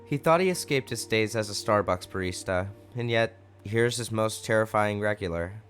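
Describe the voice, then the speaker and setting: A man's voice: on the low side, moderate pace, a bit bright, clean tone, soft background music. A man narrating a fanfic story aloud in a casual way with wry asides.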